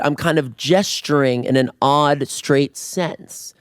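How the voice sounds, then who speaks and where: A man hosting a casual solo podcast, playful and campy, breaking into screams, his voice going hoarse. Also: on the high side, takes it slowly, dry recording, studio quality. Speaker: podcast host. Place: residence room in Toronto. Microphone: podcast mic on video.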